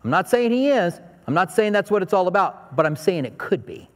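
A man's voice: high-pitched, big pitch swings, fairly quick. A middle-aged male pastor preaching in a conversational, story-telling way and asking his audience questions. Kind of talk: sermon. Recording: echoey hall with long reverb.

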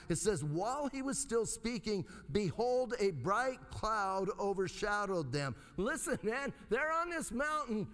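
A man preaching a sermon in a lively, conversational way, swinging between hushed lows and excited highs. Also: long reverb tail. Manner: animated, conversational preaching with dramatic pitch swings. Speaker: pastor.

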